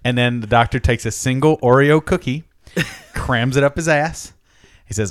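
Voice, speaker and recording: A man's voice: normal speed, dry recording. A man telling a long joke to friends in a casual chat, acting out each character and laughing as he goes. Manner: acts out characters with big pitch jumps, laughs mid-story. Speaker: podcast co-host telling a joke.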